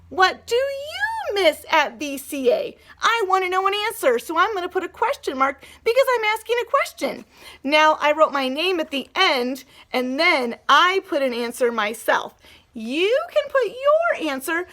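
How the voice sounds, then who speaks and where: Brief: woman teacher, high bright voice, gentle and encouraging with young kids. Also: very animated, a little slow. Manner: gentle, encouraging, sing-song teacher talk. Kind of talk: remote lesson for young children.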